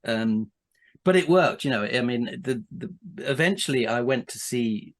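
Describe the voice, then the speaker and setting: A man's voice: medium pitch, lively intonation, moderate pace. Man telling a rambling anecdote. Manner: rambling, many restarts and asides, laughs while telling. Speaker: podcast guest. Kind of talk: casual anecdotal storytelling.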